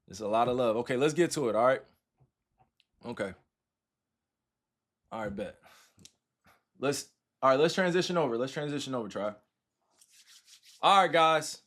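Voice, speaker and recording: A man's voice: mid-range voice, animated, moderate pace, long pauses, fairly bright tone. Man chatting loosely with his stream viewers. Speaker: livestreamer. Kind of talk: casual livestream chat with viewers.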